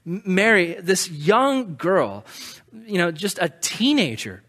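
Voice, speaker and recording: A male preacher giving a casual, conversational sermon, animated and often acting out the voices of the people he describes. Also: high-pitched, slow pace. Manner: animated, acts out quoted voices.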